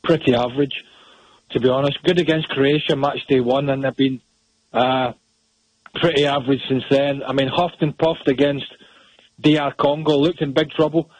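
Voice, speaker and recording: Blunt soccer analyst, husky. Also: male voice, mid-range voice, fairly even intonation, normal speed, no echo, low-quality recording. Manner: blunt, opinionated, repeats words. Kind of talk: phone-in radio analysis.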